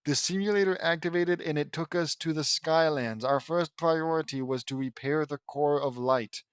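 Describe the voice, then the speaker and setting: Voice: medium pitch, normal speed, clear, resonant tone, no room sound, studio quality. A fan fiction audiobook reader breaking off into rambling, exasperated commentary with frequent restarts. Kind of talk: casual reading with commentary.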